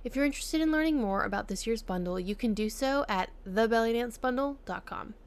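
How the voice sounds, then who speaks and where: A woman's voice: fairly high pitch, lively intonation, fast. A woman hosting a podcast, reading a scripted intro and then interviewing a guest in an upbeat, friendly way. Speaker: podcast host.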